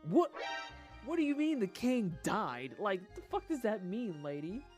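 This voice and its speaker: Brief: lively, foul-mouthed streamer, muttering then shouting, wide expressive pitch. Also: unhurried, faint music behind. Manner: animated, swears a lot, jokes and laughs; swings between mutters and loud outbursts. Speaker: livestreamer. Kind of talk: casual gaming stream commentary.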